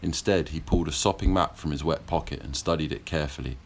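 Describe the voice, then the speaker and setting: A man with an extremely deep voice narrates a historical novel as an audiobook. His reading is measured and steady. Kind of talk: scripted narration.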